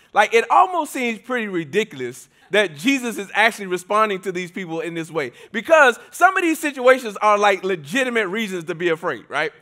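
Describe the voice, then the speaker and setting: A man preaching a sermon at a church service, casual and conversational, swinging between forceful emphasis and quiet asides. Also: sits high. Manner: conversational and emphatic, often shifting between loud and soft.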